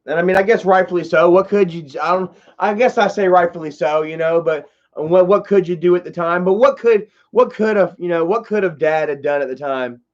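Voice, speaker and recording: A man's voice: sits high, a little fast, few pauses, muffled recording. A man telling a long personal story on a livestream, rambling and cursing, full of "you know" and "bro.". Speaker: streamer.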